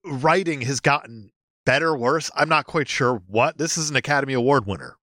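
A man's voice: medium pitch, fairly quick, a bit bright, no room sound, studio quality. A man co-hosting a podcast, chatting casually about a film, musing and trailing off mid-thought. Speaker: podcast co-host.

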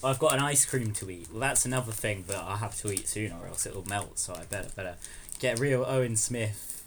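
A man's voice: on the low side, a little fast. A young man chats on a podcast, dry and sardonic, laughing often and swearing freely. A faint hiss of noise sits behind his voice. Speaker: podcast co-host. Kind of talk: casual chat.

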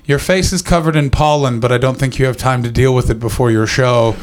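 A man quoting his passive-aggressive male flatmate in a dry, matter-of-fact tone. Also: medium pitch, brisk, close to an everyday voice.

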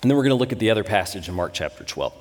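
A man in his thirties, a pastor, giving a sermon with conversational, animated storytelling. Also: on the low side, very fast. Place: church sanctuary. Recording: long reverb in a church hall.

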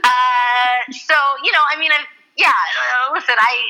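Bright, chatty woman actress. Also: high-pitched, unhurried, rough recording. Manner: chatty, filler-heavy, laughs often. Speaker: actress, guest. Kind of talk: casual interview chat.

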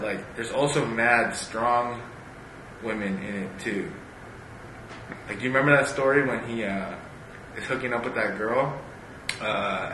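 A man talking casually about a book, rambling with lots of fillers and reading passages aloud. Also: mid-range voice. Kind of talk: casual chat. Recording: echoey room with steady background noise.

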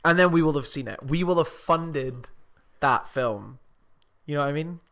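Sweary man, higher voice. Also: normal speed. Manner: sweary, riffing, animated. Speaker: podcast co-host. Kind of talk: casual chat.

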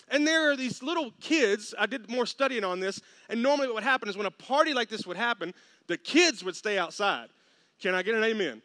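Animated man preaching. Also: very high voice, a little fast, no echo, clean studio sound. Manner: animated, humorous, acts out quoted voices. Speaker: pastor. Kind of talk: sermon.

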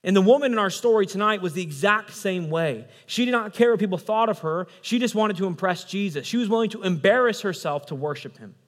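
Lively young pastor preaching in a reverberant hall. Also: male voice, sits high, brisk, few pauses. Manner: casual, animated preaching with acted-out quotes. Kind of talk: sermon. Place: church hall.

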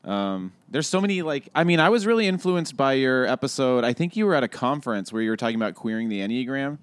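A podcast host in casual conversation who reacts with quick affirmations and laughs often. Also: medium pitch, lively intonation, smooth, dry recording.

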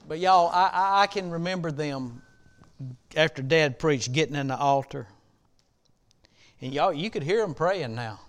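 A middle-aged man preaching a sermon in a church, repeating a question like a refrain and building from quiet reflection to impassioned shouting. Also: fairly high pitch, lively intonation, measured pace, pauses often. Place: church sanctuary.

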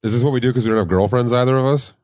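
A man co-hosting a podcast, trading deadpan wisecracks in casual chat. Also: mid-range voice, racing, no echo, studio quality. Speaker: podcast co-host.

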